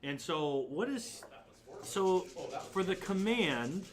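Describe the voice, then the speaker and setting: A man's voice: high-pitched, lively intonation, slow. A man narrating as dungeon master in casual tabletop play, rambling and hesitant with many fillers.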